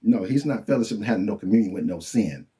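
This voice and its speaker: A man preaches in a loose, colloquial teaching style and keeps turning to his listeners with quick check-ins. His pitch leaps and dips with real animation, while the tone itself stays dark and mellow. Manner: animated and colloquial, with frequent "you know what I'm saying" and "okay?". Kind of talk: informal preaching and Bible teaching.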